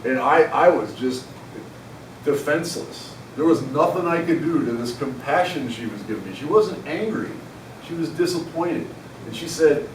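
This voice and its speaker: A man's voice: fairly high pitch, expressive, moderate pace, noisy background. A man in his forties speaking at a conference, telling a personal story to an audience in a frank, conversational, self-deprecating way. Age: 40s. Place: conference hall. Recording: echoey hall, mic at a distance.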